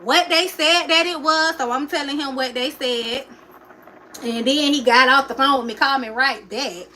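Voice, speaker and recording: A woman's voice: high voice, unhurried, bright, forceful tone, slight background noise, poor audio. A young woman livestreaming, telling a personal story in an emotional, chatty way and talking straight to her viewers.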